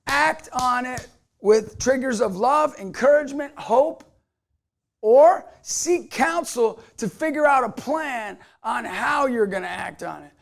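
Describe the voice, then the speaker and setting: A middle-aged man delivering a motivational talk with a high, gravelly voice. He speaks emphatically and energetically, pushing his points hard. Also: animated, slow pace.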